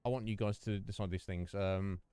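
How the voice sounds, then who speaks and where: A man's voice: low-pitched, fairly even intonation, a little fast, dark tone, smooth, no room sound. A man hosting a casual game livestream, chatting and joking with viewers in a rambling way. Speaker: streamer and host. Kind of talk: casual livestream chat over gameplay.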